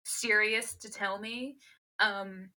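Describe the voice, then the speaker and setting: A woman podcast co-host chatting casually about a book. Her voice is bright and forward. She talks animatedly, laughs easily and swears without a second thought. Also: medium pitch, steady tone, takes it slowly. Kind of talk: casual book-club chat.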